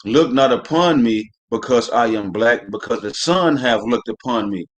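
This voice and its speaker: A man's voice: medium pitch, animated, normal speed. Guy doing a live scripture class online, reads verses out and says "man" a lot, swears, plain middle voice. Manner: preachy, blunt, says "man" constantly; reads scripture aloud then comments on it.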